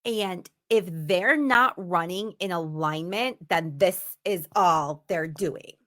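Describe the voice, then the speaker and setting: A woman's voice: lowish voice, slow, a bit bright. A woman giving a motivational teaching talk, speaking emphatically and repeating words for stress. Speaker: instructor.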